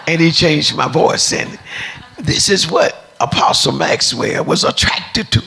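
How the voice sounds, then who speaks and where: A deep-voiced woman preacher telling a testimony, acting out the dialogue as she tells it. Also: measured pace, vocal fry, a bit bright. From United States. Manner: storytelling, acts out dialogue.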